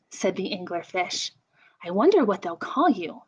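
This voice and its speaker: A young woman leading a children's story time, asking slow sing-song questions and making playful animal sounds. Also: on the low side, expressive, husky. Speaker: children's librarian. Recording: dull lo-fi camera audio.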